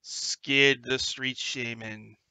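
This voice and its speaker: A man's voice: mid-range voice, fairly even intonation, extremely slow, pushed and bright, smooth, no echo. A man running a tabletop game as game master over an online voice call, talking casually with many fillers.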